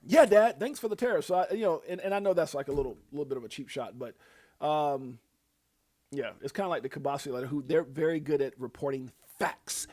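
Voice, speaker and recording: A man's voice: medium pitch, a little fast, darkish tone. A middle-aged man hosting a crypto livestream in a rambling, chatty way, with many fillers and easy laughs. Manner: laughs easily. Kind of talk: casual livestream chat.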